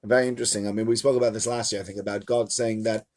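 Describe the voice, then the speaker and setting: A man, a rabbi, teaching a live-streamed Torah lesson to a small audience in a room, in an animated, chatty storytelling manner. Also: lowish voice, rapid-fire, hardly any pauses. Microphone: camera mic.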